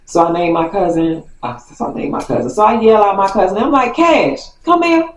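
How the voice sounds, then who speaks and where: A woman telling a story from her childhood to her viewers in a chatty, animated way. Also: mid-range voice, brisk, a little hiss or hum. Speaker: vlogger. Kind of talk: casual storytime. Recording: roomy, distant from mic.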